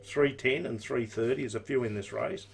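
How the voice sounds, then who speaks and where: A man's voice: medium pitch, moderate pace, gravelly, breathy edge. An Australian man giving horse racing tips and odds in an easygoing live-stream chat, full of casual slang. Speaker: racing tipster.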